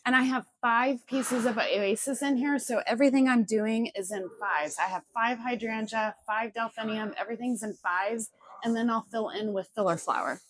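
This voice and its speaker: At home, with music playing in another room, a middle-aged florist demonstrates a flower arrangement. Her fairly high voice keeps an even intonation and moderate pace as she chattily explains each step of the hands-on tutorial.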